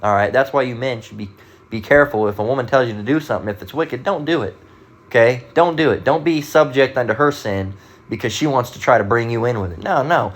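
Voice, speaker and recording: A man giving a casual Bible lesson in an emphatic, profane way, constantly checking in with "all right?" and reading scripture slowly with heavy stress. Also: mid-range voice. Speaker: bible teacher.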